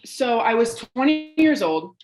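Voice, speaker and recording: A woman's voice: on the high side, sing-song, unhurried, rough recording. A young woman from Colorado, a bartender and comedian, telling stories as a guest on a casual podcast with lots of laughter and swearing. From Colorado, USA. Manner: loud, laughing, swearing storyteller.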